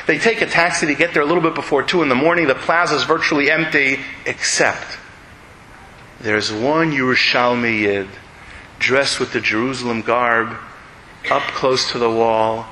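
A man giving an inspirational sermon, telling a story with animated build-ups to emphatic peaks. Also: on the high side, moderate pace, a little hiss or hum, low-quality recording. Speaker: speaker at a community event.

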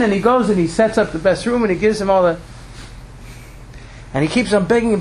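Guy telling a story with a lesson, pretty high voice, acts out the characters, a bit of background hiss. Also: fast talker, poor audio. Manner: animated, acts out the characters' lines.

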